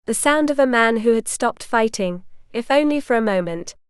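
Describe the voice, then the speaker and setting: A woman reads an audiobook in a measured, even manner. Her voice is fairly high, smooth and clear, and the sound is close and dry with no room around it. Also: no room sound. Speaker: audiobook narrator. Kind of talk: scripted narration.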